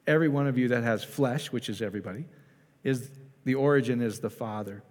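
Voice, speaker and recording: A man preaching in a relaxed, conversational way, tossing questions out to the congregation and circling back on his own sentences. His voice sits at an ordinary middle pitch. A long reverb trails behind him in the hall. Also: fairly quick. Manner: chatty, asks the congregation questions, many restarts. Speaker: pastor. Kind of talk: casual conversational sermon.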